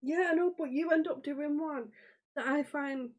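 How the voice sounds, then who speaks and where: A woman's voice: sits high, normal speed. A woman co-hosting a podcast in casual banter, giggly and easily amused. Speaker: guest co-host.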